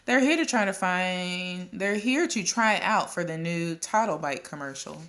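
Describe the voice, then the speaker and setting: A woman's voice: lowish voice, lively intonation, measured pace, a bit bright. A woman voicing a friendly young woman office worker who speaks in a helpful, reassuring way in a storybook reading.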